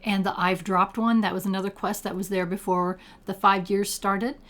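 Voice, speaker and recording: A woman's voice: medium pitch, little pitch movement, moderate pace, fairly bright tone. An older retired woman playing a farming game, chatting casually and reading game text aloud. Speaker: game streamer. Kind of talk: casual let's-play commentary.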